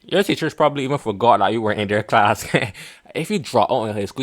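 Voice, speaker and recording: A man's voice: on the low side, animated, fast. A young man hosting a reaction video, mocking and blunt in casual commentary, often laughing at what he watches.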